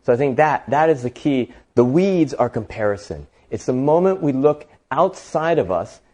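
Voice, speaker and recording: A man hosting an inspirational talk as an animated storyteller, full of casual fillers. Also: medium pitch, moderate pace. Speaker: host.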